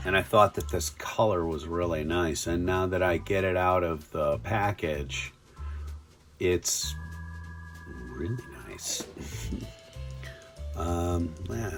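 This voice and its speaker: A middle-aged man reviewing toys in a casual unboxing, fond and chatty, full of ums and restarts. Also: deep voice. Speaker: toy reviewer.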